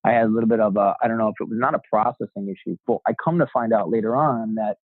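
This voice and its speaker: Speaking fast in a fairly low voice, this man is a real estate agent guesting on a relaxed interview. He tells his story, acts out the voices of the people he quotes, and curses without holding back. There's no echo, and the audio sounds dry and thin, like it came through a phone.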